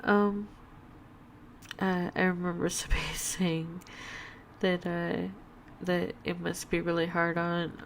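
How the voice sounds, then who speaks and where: A woman with a tired voice rambling slowly through a casual home vlog, full of fillers and restarts. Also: fairly low pitch, level tone, creaky, a little hiss or hum. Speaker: vlogger. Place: at home, in her apartment. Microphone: webcam setup.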